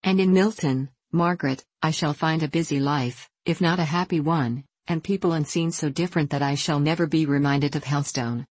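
A woman reading the part of a gentle middle-aged clergyman father who speaks slowly and hesitantly. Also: sits low, no echo. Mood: anxious. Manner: slow, measured, hesitant.

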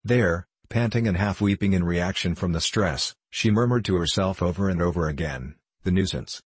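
A male audiobook narrator reads a novel in a steady, measured voice. The voice is low and husky. It is recorded close and dry, with no room sound. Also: dry recording.

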